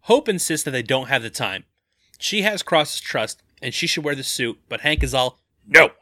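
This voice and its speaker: A man co-hosting a casual podcast, recapping the plot quickly and laughing often. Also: mid-range voice, sing-song, pushed and bright, dry recording, studio quality.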